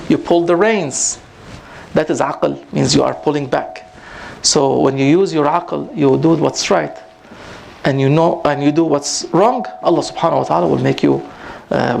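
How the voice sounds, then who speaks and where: A man giving an informal religious talk to a gathering, rising in pitch for emphasis and mixing in Arabic phrases. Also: vocal fry, slight background noise. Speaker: Sufi teacher giving a talk. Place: prayer hall at a community gathering.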